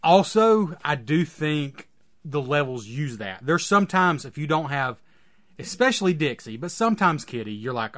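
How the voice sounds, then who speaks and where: Male co-host, mid pitch, relaxed rambling delivery. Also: moderate pace. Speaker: podcast co-host. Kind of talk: casual chat.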